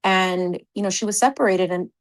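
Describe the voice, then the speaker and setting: A woman's voice: mid-range voice, moderate pace. Gushing woman hosting a livestream chat. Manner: effusive, gushing greetings to viewers; earnest, heartfelt talking. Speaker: livestream host.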